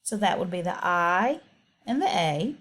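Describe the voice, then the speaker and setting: A woman's voice: fairly low pitch, very animated, a little slow, a bit bright. A woman teacher giving a patient, step-by-step instructional voice-over on reading skills, with occasional ums.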